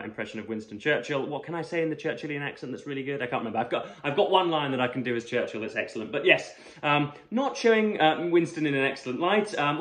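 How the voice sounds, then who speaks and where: Halting, wordy man reviewing books. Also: medium pitch, fairly bright tone. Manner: halting and wordy, with many fillers and restarts. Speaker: book reviewer. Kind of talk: casual book review vlog. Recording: roomy echo.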